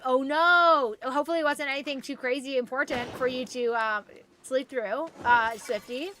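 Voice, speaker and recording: A woman's voice: high voice, pushed and bright. A young woman streaming a game, chatting casually and rambling as she reads chat and thanks viewers by name. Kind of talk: casual live-stream chat while gaming.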